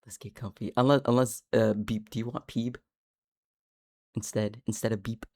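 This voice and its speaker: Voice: mid-range voice, little pitch movement, normal speed, a little mellow, no room sound. A game streamer, chatting casually through a livestream, giggling often and muttering to themselves. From Canada. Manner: giggly, talks to themselves, lots of laughter.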